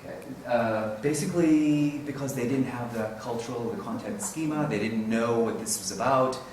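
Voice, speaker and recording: A man speaks at normal speed in a mid-range voice while casually presenting at a teaching conference. He rambles, chuckles, and corrects himself often. The recording, made in a conference room on a distant mic, is roomy with faint hiss.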